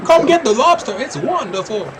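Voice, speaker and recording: A man's voice: very high voice, big pitch swings, moderate pace, over a noisy crowd, pitched above the performer's own voice, low-quality recording. A man voicing a chatty, hospitable cat-folk woman with a thick Southern drawl in a tabletop game. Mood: eager. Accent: American Southern drawl, put on. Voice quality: drawling, folksy. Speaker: player. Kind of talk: tabletop role-play voice.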